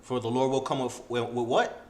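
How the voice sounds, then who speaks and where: A man with a middle-pitched voice joins a casual scripture study, bluntly and coarsely throwing in quick cross-references. His voice rings out in an echoey room. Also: steady tone, darkish tone, slight background noise.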